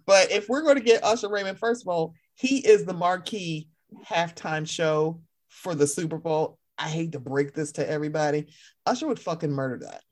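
A woman co-hosting a casual chat, animated and swearing freely as she acts out her own reactions. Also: low voice, moderate pace. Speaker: podcast co-host.

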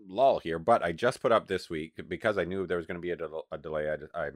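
Deep-voiced male podcast co-host. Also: quick pace, no room sound, studio quality. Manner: relaxed, brief replies, easy show plugs. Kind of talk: casual podcast chat.

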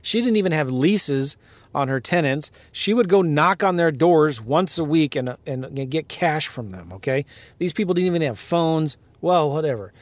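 A man's voice: on the high side, moderate pace, no room sound. A man hosting a podcast, telling a story about a deal in a casual, emphatic rant and laughing along. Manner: animated, emphatic, laughs while telling stories. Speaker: podcast host, real estate investor. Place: in a car.

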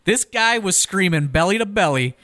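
A man with a bright, forceful voice, sitting a touch above the usual pitch for a man. He chats casually on a podcast as a wrestling promoter, telling stories with lots of swearing and animated energy. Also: normal speed. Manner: profane, animated storyteller.

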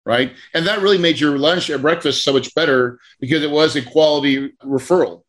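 A higher-pitched man leads a class on property deals, telling the story with energy. His pitch swings widely as he acts out what each person said. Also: a little fast. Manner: animated storyteller, acts out quotes. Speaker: real estate coach.

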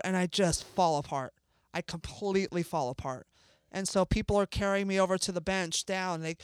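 Woman telling a vivid story, crisp dry sound. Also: medium pitch, brisk, no room sound. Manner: animated, acts out dialogue, swears freely. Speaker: interview guest. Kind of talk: emotional first-person storytelling.

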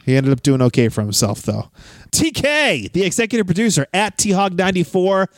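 Chatty podcast host man, slightly high. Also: big pitch swings, a little fast, no room sound, studio quality. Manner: chatty, reads listener messages aloud. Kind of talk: casual podcast chat.

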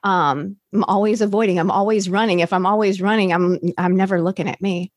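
A woman's voice: mid-range voice, fairly even intonation, a little fast, dry recording, studio quality. A woman, now a recovery coach, candidly telling her recovery story in a rambling way, full of fillers and restarts.

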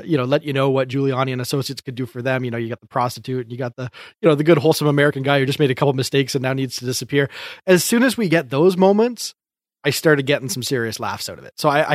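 A man co-hosting a laid-back podcast, mid-pitched and easygoing. He reviews comedy sketches in loose, hesitant sentences full of restarts and fillers. The sound is dry and close to the mic. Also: no echo. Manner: chatty, hesitant restarts, frequent laughs. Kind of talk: casual podcast chat.

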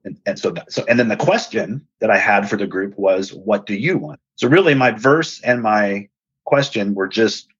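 Brief: lowish, husky male host, earnest storyteller, dull dry recording. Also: normal speed, dry recording. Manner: earnest, animated retelling with quoted dialogue. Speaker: podcast host and speaker. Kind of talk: personal storytelling.

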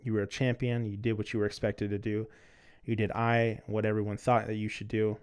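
A man voicing a steady, loving wife in a soft, earnest read in his own low voice. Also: fairly quick, clear, resonant tone, close to an everyday voice. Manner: soft, earnest, quiet reading. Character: steady, loving adult wife urging her husband on.

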